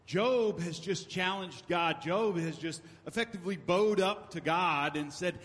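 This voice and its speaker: A man's voice: high voice, a little slow, a bit bright. A man preaching a sermon as pastor, in a conversational style with emphatic repetition. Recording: long hall reverb.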